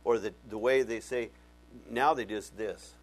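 A man preaching a Bible-teaching sermon, animated and conversational, often asking his congregation questions. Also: on the low side, a little slow, soft background music. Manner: conversational, folksy. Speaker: pastor.

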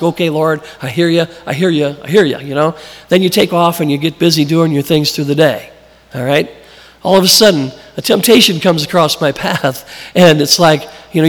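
A man's voice: fairly high pitch, a bit bright, big-room sound. A man preaching a sermon in a conversational way, asking the congregation questions and telling stories from his own life. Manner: conversational, asks questions, tells personal stories. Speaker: preacher and Bible teacher.

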